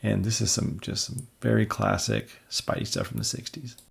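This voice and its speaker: A man's voice: fairly low pitch, fairly even intonation, moderate pace, vocal fry, breathy edge. A man casually reviewing and reading a comic book aloud, chatty and amused, with jokey asides.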